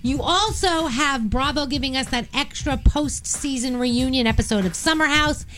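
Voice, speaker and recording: A woman's voice: high-pitched, moderate pace, a bit bright, slight background noise. A woman co-hosting a radio show, giving a chatty entertainment report. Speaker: radio co-host.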